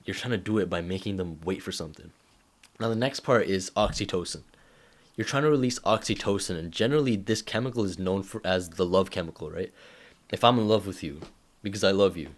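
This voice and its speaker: Deep voiced young guy chatting to camera, telling stories n doing the voices. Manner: animated storytelling with acted-out quotes. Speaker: vlogger giving advice. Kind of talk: casual advice talk to camera.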